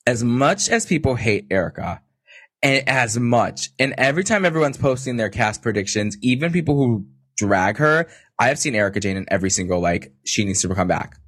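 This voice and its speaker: A man co-hosting a podcast in a casual, animated and gossipy chat, full of jokes. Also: mid-range voice, fairly quick, no room sound, studio quality. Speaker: podcast co-host.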